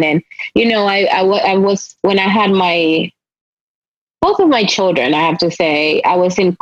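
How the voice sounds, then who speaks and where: A woman's voice: on the low side, no echo, dull audio. A woman with a Spanish accent hosting a podcast, speaking in earnest, reflective runs in casual interview chat. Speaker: podcast host.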